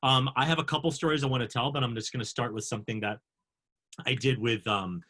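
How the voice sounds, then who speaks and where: A man hosting a video panel, telling a self-mocking backstage story with animated, acted-out quotes. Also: medium pitch, quick pace. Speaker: panel host, actor. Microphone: video call.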